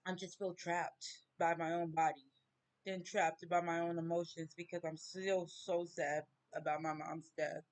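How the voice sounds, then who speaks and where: A woman, talking slowly and haltingly in a personal vlog rant, near tears. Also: on the low side, little pitch movement. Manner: slow, halting, tearful grief. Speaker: vlogger.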